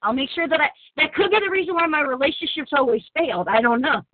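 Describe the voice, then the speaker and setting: A woman's voice: high voice, animated, quick pace, no echo. A woman hosting a casual online talk show, laughing often and poking fun at herself. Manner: laughs often, self-mocking. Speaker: podcast host. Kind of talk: casual chat. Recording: tinny phone-like sound.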